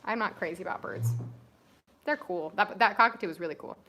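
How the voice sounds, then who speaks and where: A woman's voice: medium pitch, brisk, noisy background. A young woman co-hosting a casual livestream, chatting with viewers and giving audition tips. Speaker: co-host of a family livestream. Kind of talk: casual live-stream chat.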